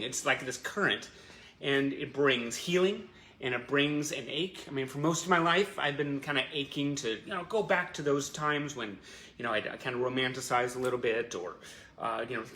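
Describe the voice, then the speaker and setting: A man's voice: medium pitch, bright, forceful tone, a little hiss or hum. A man hosting a casual fan livestream, talking emotionally and effusively to his viewers with many fillers and restarts. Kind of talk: casual heartfelt chat to viewers.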